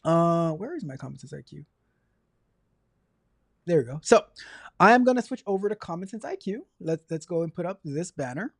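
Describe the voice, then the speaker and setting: A man hosting a casual livestream, chatty and energetic, rambling along and stumbling over repeated words. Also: on the high side, normal speed, creaky, long pauses, dry recording, clean studio sound. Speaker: livestream host.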